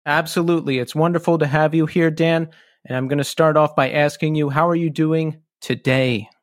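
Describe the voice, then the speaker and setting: Chatty male host, higher voice. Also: fairly even intonation, normal speed, no echo, clean studio sound. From New York City. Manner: friendly, chatty questioner. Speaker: podcast host. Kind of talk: casual interview chat.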